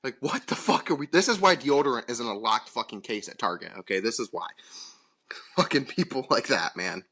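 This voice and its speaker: A man's voice: medium pitch, expressive, fairly quick, bright, forceful tone, husky. A man, co-hosting a podcast and telling a profane, exasperated story, acting out the people in it. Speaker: podcast co-host. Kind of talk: casual storytelling chat.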